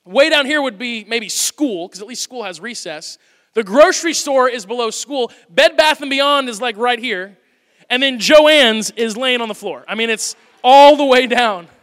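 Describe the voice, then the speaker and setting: Man, pastor, bright high voice, lively conversational sermon, hall reverb. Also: normal speed. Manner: animated, conversational, playful asides. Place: church auditorium.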